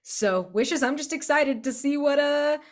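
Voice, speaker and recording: A woman gushing in casual chat after a tabletop game session, excitable and swearing freely. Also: sits high, measured pace.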